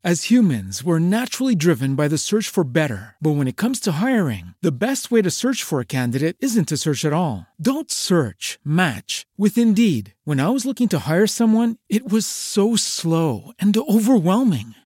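A man's voice: high voice, very animated, normal speed, hardly any pauses, a little mellow, slightly rough, no echo, studio quality. A man reading an ad spot in a polished, upbeat way. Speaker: ad announcer. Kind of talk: read ad spot.

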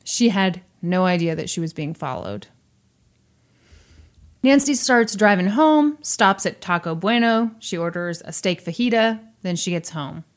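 A woman hosting a podcast, retelling a true crime story in casual chat with animated, sarcastic asides. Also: lowish voice, a little slow.

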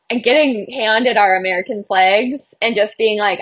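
A woman's voice: medium pitch, normal speed, fairly bright tone. Earnest young woman runner, podcast guest. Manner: emotional, earnest, bubbly storytelling. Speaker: guest, Olympic marathon runner. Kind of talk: podcast interview.

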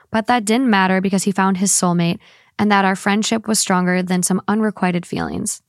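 A woman's voice: mid-range voice, no echo, clean studio sound. A young woman co-hosting a casual podcast, reading a listener's story and then chatting bluntly, teasing and swearing freely. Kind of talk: casual chat.

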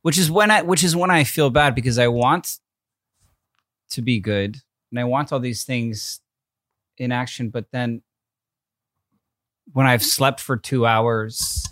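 A young adult man co-hosting a podcast, speaking in a halting, thoughtful way that often trails off. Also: mid-range voice, a bit bright, dry recording, clean studio sound. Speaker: podcast co-host. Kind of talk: casual chat.

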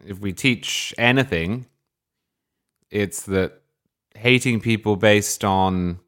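A man on a political podcast panel, speaking in a measured, grave and articulate way. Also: low voice, fairly bright tone.

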